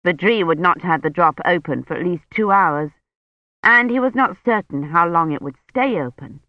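An audiobook narrator reading a novel in a measured, even scripted narration. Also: medium pitch, dry recording, dull audio.

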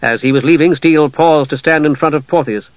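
A man narrating a fantasy audiobook in a measured, even storytelling voice. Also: a little high, dry recording. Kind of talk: scripted narration. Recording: dull lo-fi dry audio.

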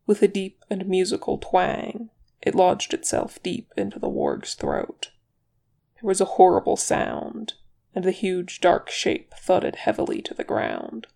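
A reader narrating fan fiction aloud in a steady, even manner. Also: mid-range voice, measured pace, gravelly. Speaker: audiobook reader.

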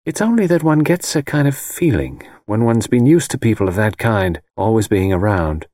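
A man voicing a gentle young rich American wife, speaking softly and calmly in an audiobook. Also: on the low side, moderate pace, dry recording, clean studio sound. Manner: soft, calm and dreamy.

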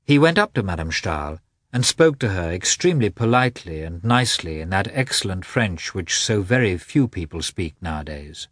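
Husky low-voiced guy reading a novel, swoops around a lot, dry close sound. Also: normal speed, dry recording. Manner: expressive, varied reading. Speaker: audiobook narrator. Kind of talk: scripted narration.

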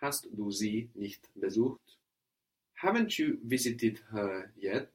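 A man's voice: on the low side, animated, slow. Patient man teaching a spoken language lesson. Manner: patient, repeats answers and explains grammar step by step.

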